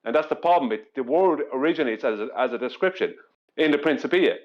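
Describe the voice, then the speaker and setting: A man's voice: mid-range voice, lively intonation, fast talker, muffled recording. A man in a live stream discussion, explaining a point earnestly with frequent restarts and repeats.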